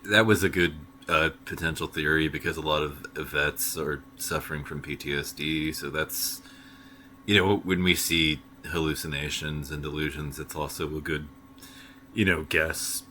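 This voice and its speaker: A man's voice: a bass voice, fairly even intonation, normal speed, sharp tone, a little hiss or hum. A man casually commenting while reacting to a video, with wry asides.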